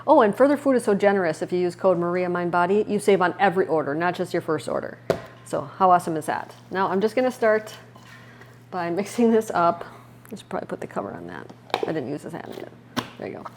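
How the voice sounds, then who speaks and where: A middle-aged woman from Wisconsin, chatting warmly as she walks viewers through a recipe in her home kitchen. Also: fairly low pitch, expressive, quick pace, noisy background. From Wisconsin, USA. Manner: chatty and upbeat, talks viewers through each step. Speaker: cooking vlogger. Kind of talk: casual cooking demonstration.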